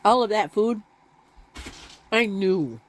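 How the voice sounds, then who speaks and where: A woman in casual vlog chat, rambling and laughing often, who switches to a high baby voice when talking to her pets. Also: lively intonation, slow pace. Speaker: vlogger.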